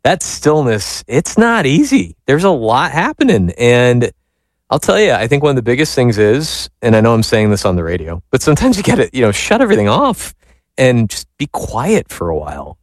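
A man's voice: mid-range voice, very animated, moderate pace, no echo. Priest guy on a radio show, talks real casual and honest, likes and you knows, dry close sound. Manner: frank and conversational, with casual fillers. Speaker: priest, show's spiritual director. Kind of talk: radio talk show discussion.

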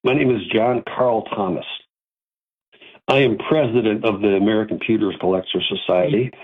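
A man quoting a blunt, flustered middle-aged club president, slightly husky, in a tinny phone-like recording. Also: lowish voice, fairly even intonation, normal speed.

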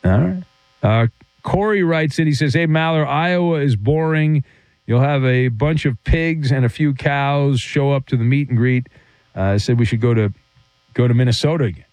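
A man's voice: medium pitch, moderate pace, a little mellow, dry recording, poor audio. A man hosting a sports radio call-in show, teasing callers in a playful, mock-dramatic way. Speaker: radio host.

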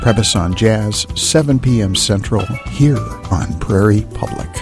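Low-voiced man reading promo over music. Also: a little slow. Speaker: radio jazz show host. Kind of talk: station promo.

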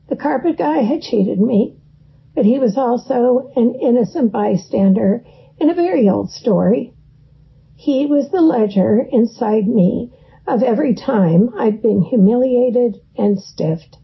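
A woman's voice: on the high side, creaky, breathy edge. A woman reading her own memoir aloud in a wry, dry storytelling manner. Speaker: narrator. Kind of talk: first-person memoir reading. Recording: dull lo-fi recording.

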